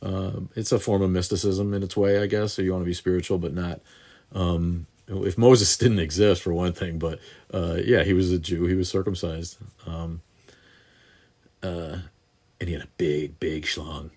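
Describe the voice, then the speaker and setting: This is a man in his sixties hosting a casual live Q&A stream. His voice sits low and deep. He rambles through viewer questions with frequent restarts and blunt swearing. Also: steady tone, normal speed, a little mellow. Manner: rambling and profane, many restarts and fillers. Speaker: host answering viewer questions. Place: home studio in southeast Wisconsin.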